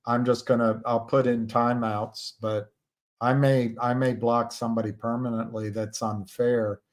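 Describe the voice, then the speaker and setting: A man talks alone on a livestream, thinking out loud as he goes. His delivery is slow and unhurried, full of pauses, restarts and fillers. His voice sits at an ordinary middle pitch. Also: little pitch movement. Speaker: livestream host. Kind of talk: casual livestream commentary.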